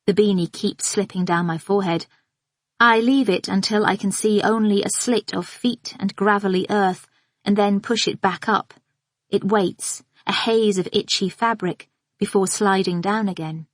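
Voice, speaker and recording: A woman narrating a psychological thriller in the first person, with a measured, observant and inward delivery. Her pitch sits in the middle range for a woman. The sound is dry and close, with no room in it. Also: fairly even intonation, no room sound. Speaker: audiobook narrator.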